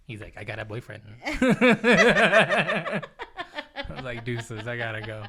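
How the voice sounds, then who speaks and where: A man's voice: mid-range voice, big pitch swings, extremely slow, long pauses, bright, forceful tone. A young man co-hosting a podcast, telling stories in casual chat, laughing often and acting out what people said. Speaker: podcast co-host.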